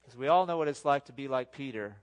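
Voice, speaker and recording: Male pastor, sermon, chatty and animated, mid-pitched. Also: fast talker. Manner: conversational, animated preaching with asides.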